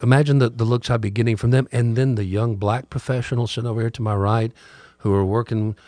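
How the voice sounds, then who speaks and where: A man's voice: mid-range voice, steady tone, quick pace, darkish tone, dry recording. A middle-aged man, hosting a podcast and talking through a candid, reflective monologue. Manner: conversational, candid, musing. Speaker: radio host and podcaster.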